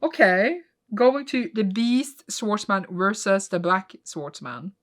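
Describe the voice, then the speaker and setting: A woman casually reacting to the manga she is reading in a vlog, swinging from soft muttered recaps to squealing, gasping outbursts. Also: mid-range voice, animated, slow pace.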